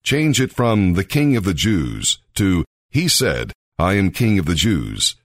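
A man's voice: low-pitched, huge pitch swings, unhurried, dry recording, clean studio sound, exaggerated voice. A man voicing an angry crowd of priests and leaders, insistent and accusing, in a Bible reading.

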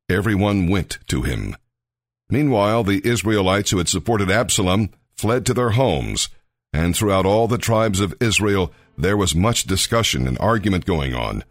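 A man reading scripture aloud in a measured, expressive manner. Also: sits low, no room sound. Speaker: scripture reader.

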